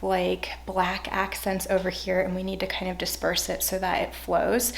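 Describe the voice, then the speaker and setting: A woman's voice: mid-range voice, vocal fry. A woman in her thirties talking through a home makeover in a chatty, enthusiastic vlog voice-over. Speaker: home decor vlogger.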